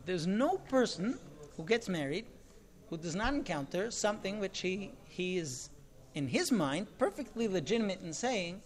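Animated man preaching with emphasis. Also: high voice, normal speed. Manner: emphatic, with rhetorical questions and acted-out quotes. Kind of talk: sermon.

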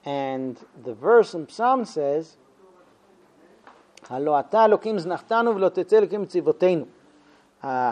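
A man teaching a Talmud class, telling a story with lively acted-out quotes and frequent fillers. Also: high-pitched, unhurried. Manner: animated storyteller, acting out quotes, many fillers. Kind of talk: storytelling lesson.

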